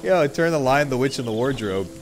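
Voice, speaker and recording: A man's voice: medium pitch, animated, fairly quick. A young man streaming a horror game, joking around and yelping at the scares. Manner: jumpy, joking, yelps and shouts. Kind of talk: horror game playthrough commentary.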